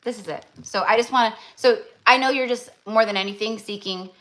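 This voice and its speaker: A woman's voice: a little high, fairly quick, a bit bright. A young woman giving a live-stream tarot reading, talking in a gushing, effusive way with many fillers and restarts. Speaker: tarot reader.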